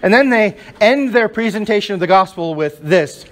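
A male pastor preaches to his congregation in a voice that sits high for a man. He is emphatic and leans on rhetorical questions to carry the point. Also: animated, moderate pace, fairly bright tone. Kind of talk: sermon. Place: church before a congregation.

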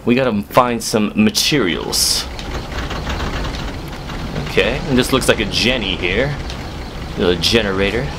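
This horror game let's play commentator addresses his viewers, dropping to low mutters and then yelping out sudden shouts. He keeps a measured pace and pauses often, over a noisy background.

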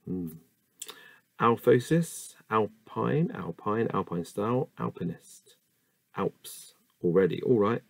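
A man's voice: fairly low pitch, creaky, no room sound. A man reading dictionary entries aloud one by one, stopping now and then for casual asides and musing about how words are said. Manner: reads word lists slowly with asides and musing. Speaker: reader of a dictionary.

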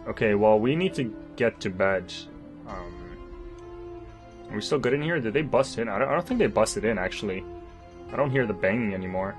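A man's voice: lowish voice, moderate pace, faint music behind. A man commentating his own zombie game playthrough, swearing, joking and talking to himself in exasperation. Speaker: gamer. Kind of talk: let's play commentary.

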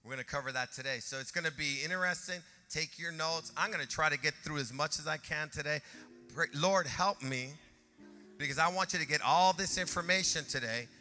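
A man who is a pastor, preaching a sermon in an animated way that rises to shouts. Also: fairly high pitch, fairly quick, long reverb tail, soft background music.

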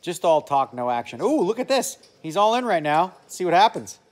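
A man's voice: high-pitched, sing-song, a little fast. Chatty man muttering through a casual vlog. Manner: chatty, laughs often, mutters to himself. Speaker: vlogger. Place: home indoors.

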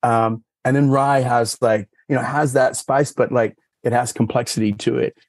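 A man's voice: fairly even intonation, normal speed, no echo. A man who is a sommelier, telling stories as a podcast guest in casual chat, with lots of "you know" and "like", acting out quoted dialogue. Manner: rambling storyteller, many fillers like "you know" and "like"; acts out quoted dialogue with raised pitch.

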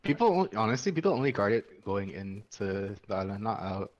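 A man chatting with friends during an online match, giving quick, teasing callouts. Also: lowish voice, big pitch swings, muffled recording. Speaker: gaming friend. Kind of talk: casual gameplay chat.

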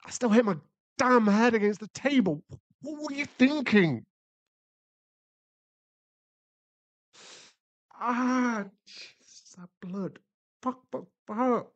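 A man's voice: fairly high pitch, fairly bright tone, no echo, exaggerated voice. A man voicing a young boyfriend who is hot-tempered but remorseful, in a whispered role-play, swearing and then murmuring apologies. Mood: angry, pained.

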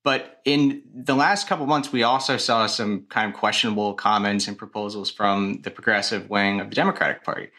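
Deep, bright man asking carefully. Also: fairly even intonation. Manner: measured, careful, with fillers. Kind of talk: interview question.

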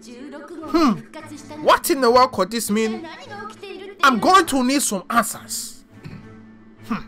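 A woman voicing a bossy, exasperated genius woman in a squawking, scolding high voice over a video game. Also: lively intonation, takes it slowly, fairly bright tone, faint music behind, full character voice. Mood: indignant.

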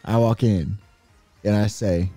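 A man co-hosting a comedy show, improvising a wild story and bursting into shouted character lines. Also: fairly low pitch, fairly even intonation, measured pace, no room sound, soft background music. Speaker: podcast co-host.

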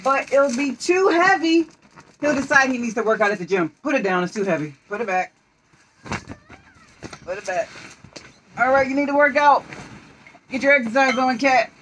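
A woman reads a picture book aloud at home with a bright, high voice. She is playful and coaxing, and breaks off the reading to give quick directions in a game of pretend. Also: slight background noise, low-quality recording. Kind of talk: home storytime read-aloud with pretend play.

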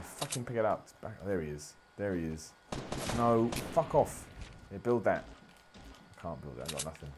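A man's voice: mid-range voice, a little hiss or hum. A man giving self-deprecating, sweary commentary while playing a video game. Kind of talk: gameplay commentary.

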